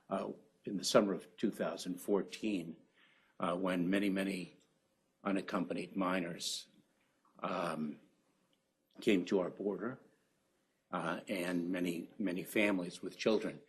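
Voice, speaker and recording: A man with a very deep, slightly husky voice gives reflective opening remarks at a conference. He speaks slowly and haltingly, with frequent ums and uhs.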